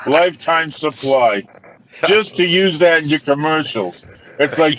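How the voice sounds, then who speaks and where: A man's voice: fairly high pitch, lively intonation, measured pace, fairly bright tone, highs cut off, a little hiss or hum. An American man chatting casually, easygoing and agreeable. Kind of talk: casual chat.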